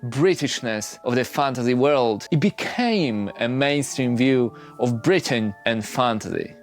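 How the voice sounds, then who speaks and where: A man giving scripted explainer narration in a lively, explanatory manner. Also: mid-range voice, measured pace, soft background music. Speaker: video narrator.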